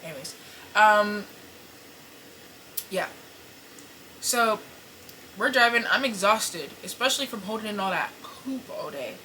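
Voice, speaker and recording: Young woman host, casual confessional storyteller, bright edgy tone, filler-heavy and crude, small home room. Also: mid-range voice, a little hiss or hum, rough recording. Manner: animated, profane, apologetic, lots of fillers. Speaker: podcast host. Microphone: camera set up in front of her.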